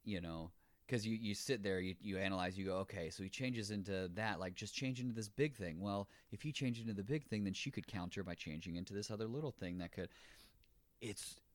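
A man with a very deep voice talks excitedly about a film, tumbling over his words and restarting sentences. The sound is dry and close, with no room around it. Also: a little fast, no room sound. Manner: enthusiastic, rambling, restarts often. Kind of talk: casual film discussion.

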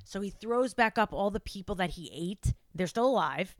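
A woman's voice: moderate pace, no echo. A woman co-hosting a podcast, chatting animatedly through a film recap and leaning into the story. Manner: animated, acts out quotes in a high frantic voice. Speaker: podcast co-host. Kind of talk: casual chat recapping a film.

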